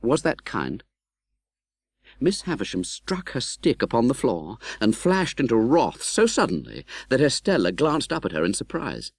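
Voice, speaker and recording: A man reading an audiobook in scripted narration, expressive and dramatic, voicing the young hero's pleas. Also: mid-range voice, normal speed, no room sound, clean studio sound.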